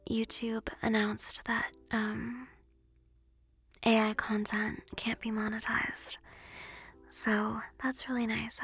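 A woman's voice: fairly high pitch, creaky, a bit bright, breathy edge. A young woman hosting an ASMR channel, rambling and giggling in a whispered ASMR chat with frequent ums, close to the mic.

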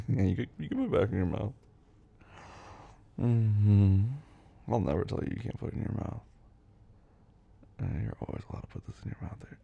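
A man performing an intimate audio role-play, murmuring low and teasing, often breathy and drifting into soft whispers. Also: moderate pace, pauses often, dull audio, a little hiss or hum.

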